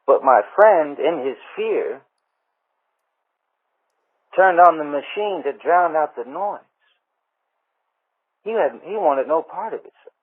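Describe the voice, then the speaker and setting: A man leaving a long voicemail for a radio show, telling a rambling story with drawn-out pauses and often calling the host sir. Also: fairly high pitch. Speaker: voicemail caller. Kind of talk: rambling anecdote. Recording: tinny phone-line voicemail.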